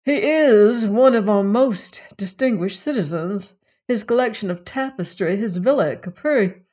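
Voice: mid-range voice, lively intonation, measured pace, darkish tone, voice pushed up. A puffed-up estate agent, voiced by an audiobook reader, proud of every word, rolling out long, ornate sentences with lofty dignity. He sounds a little raised and emphatic, as though addressing a client he wishes to impress. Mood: pompous. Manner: grandiose, orotund phrasing. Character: pompous male real estate agent, proud and flowery. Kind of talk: audiobook character reading.

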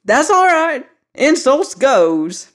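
A reader voicing a boastful, touchy old man of fifty who cackles and scoffs in a shrill voice. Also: big pitch swings, slow pace, a bit bright, heavily acted. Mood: indignant. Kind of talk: audiobook character voice.

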